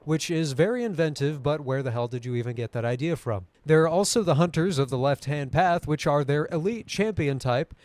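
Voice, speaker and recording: A man's voice: a little high, animated, a little fast, hardly any pauses, darkish tone, no room sound. A young man hosting a video, narrating a scripted essay with wry, conversational asides. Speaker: YouTube host.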